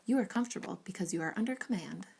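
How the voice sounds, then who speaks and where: A witty, spirited young lady, voiced by a woman reading a storybook. She banters archly. Her mid-pitched voice has a gravelly edge. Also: lively intonation, very fast, a little mellow, a little hiss or hum. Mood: bantering. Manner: arch and bantering.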